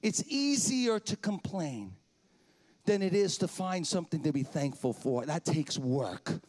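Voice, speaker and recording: A man preaching a sermon in a church, swinging from shouted praise to quiet, candid confession. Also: high-pitched, animated, moderate pace. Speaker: pastor. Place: church sanctuary.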